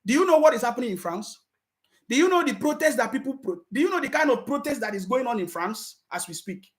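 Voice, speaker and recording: A Nigerian woman with a Nigerian accent giving impassioned political commentary, emphatic and repetitive, at times shouting. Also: a little high, expressive, quick pace.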